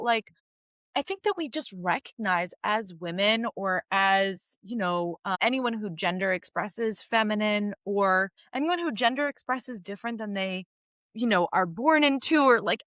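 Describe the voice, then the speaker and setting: A woman's voice: mid-range voice, fairly bright tone, no room sound, clean studio sound. Chatty young woman recapping a show. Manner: chatty, earnest, uses many fillers like "like" and "you know". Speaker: podcast co-host. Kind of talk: casual TV recap commentary.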